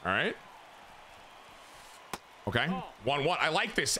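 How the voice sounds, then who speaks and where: Excitable, foul-mouthed streamer guy. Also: fairly quick, long pauses, a little hiss or hum. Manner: crude, excitable, jumps to high squeals. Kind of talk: casual gameplay commentary.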